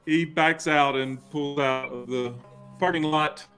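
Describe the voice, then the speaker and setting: A man's voice: fairly high pitch, fairly even intonation, unhurried, pushed and bright, clean tone, soft background music. A man playing a tabletop game, talking in a laid-back way. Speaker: player. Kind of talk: tabletop role-play.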